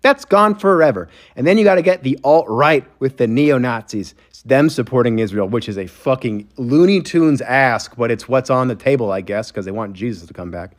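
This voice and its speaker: A man's voice: medium pitch, lively intonation, fairly quick, few pauses. A man giving a sarcastic, profane opinion monologue that is full of mocking asides. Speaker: commentator.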